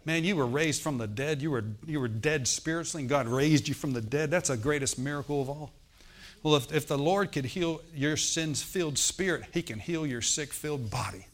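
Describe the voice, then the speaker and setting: A man's voice: fairly high pitch, normal speed. Preacher man telling a testimony. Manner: storytelling with frequent "Amen?" to the congregation. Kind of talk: sermon testimony.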